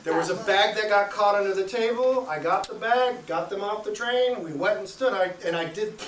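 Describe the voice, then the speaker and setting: A man from Nebraska telling a comic travel story at a live show, animated and acting out his own shouting in quoted bits. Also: high voice, moderate pace. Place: live show venue with audience. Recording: echoey room, mic at a distance, noisy.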